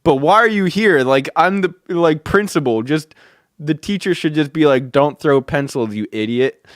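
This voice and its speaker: A man voicing a puzzled school principal who questions a student in a flat, baffled way. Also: a little high, moderate pace, dry recording, studio quality, natural voice. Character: puzzled middle-aged male school principal.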